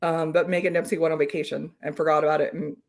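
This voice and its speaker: A woman's voice: low voice, flat delivery, fast talker, darkish tone. A woman hosting a live whiskey tasting, chatting casually and explaining technical details. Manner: informative, reads out viewer comments, lists technical whiskey details. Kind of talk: casual chat, live stream.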